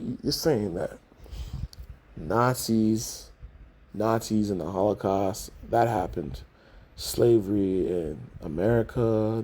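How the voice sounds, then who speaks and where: A man with a low, gravelly voice rants casually as a podcast host, swearing freely and acting out characters in mock outrage. His tone is dark and a little husky, and his talk is loose and rambling. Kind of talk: casual movie rant.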